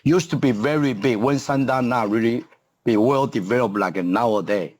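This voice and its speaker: Halting man in his fifties, English. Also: mid-range voice, crowd noise. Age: 50s. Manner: halting, searches for English words with many fillers and restarts. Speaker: guest, martial arts coach. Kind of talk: podcast interview.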